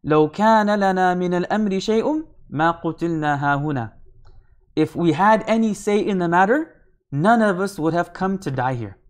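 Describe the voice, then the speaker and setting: A male scholar giving a verse-by-verse lesson, racing through the Arabic text at high speed. He slows down to explain each phrase in English, repeating key points and checking in with "right?". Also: expressive. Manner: reads Arabic text quickly, then explains it slowly in English. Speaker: Islamic scholar teaching Quran commentary. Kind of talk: line-by-line scripture lesson.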